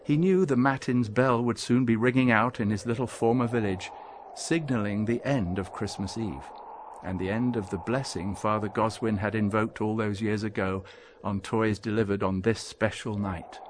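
A man narrating an audiobook, reading in a measured, expressive storytelling manner. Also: lowish voice, background noise. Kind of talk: scripted narration.

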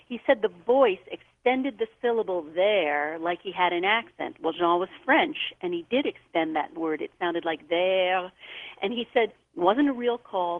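Woman guest, expressive storyteller, acts out quoted voices, dry tinny phone line. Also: lowish voice, no room sound. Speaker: guest author. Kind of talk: storytelling on a call-in show.

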